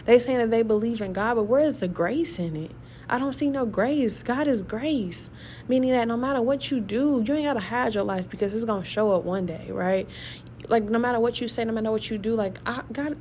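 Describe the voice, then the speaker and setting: A woman giving a casual, excitable Bible study talk, emphatic and conversational, who piles up rhetorical questions. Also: a little high, a little fast, a little hiss or hum. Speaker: Bible teacher.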